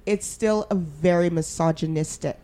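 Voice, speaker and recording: A woman's voice: on the low side, normal speed, mellow. A young adult woman from Canada, co-hosting a podcast in casual chat, candid and emphatic with casual swearing. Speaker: podcast co-host.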